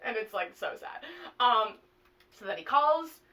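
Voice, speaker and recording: A young woman vlogger casually retelling a plot to a friend, animated and full of swearing and fillers. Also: fairly high pitch, measured pace, recorded from a distance, low-quality recording.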